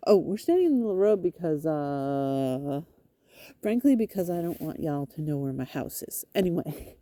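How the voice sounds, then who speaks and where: A woman's voice: low-pitched, very animated, normal speed, dark tone, no echo. A woman venting in a rambling, frustrated monologue, swearing and talking to her cats outdoors on a road. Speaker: vlogger.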